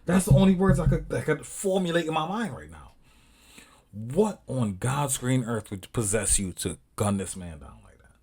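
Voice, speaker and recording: A man's voice: mid-range voice, very animated, normal speed, darkish tone, breathy edge. An angry man reacting to a video, swearing and emphatic, with an African American English accent and rising outbursts. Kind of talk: heated casual reaction commentary.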